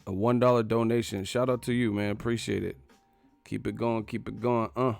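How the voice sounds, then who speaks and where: A man hosting a live stream, profane and animated, acting out the people he talks about. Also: on the low side, brisk, creaky, soft background music. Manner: profane, animated, acts out quotes. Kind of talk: casual live-stream commentary.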